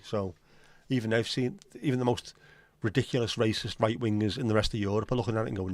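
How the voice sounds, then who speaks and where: A man's voice: on the low side, fairly even intonation, fast, few pauses, no room sound. A man with a Scouse accent, hosting a livestream in casual, blunt, sweary banter with his viewers. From Liverpool, England. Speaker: livestream host.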